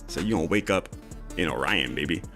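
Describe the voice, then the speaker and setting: Deep-voiced casual man. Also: a little fast, faint music behind. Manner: loose, excitable, swears freely. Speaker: podcast co-host. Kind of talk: casual livestream chat.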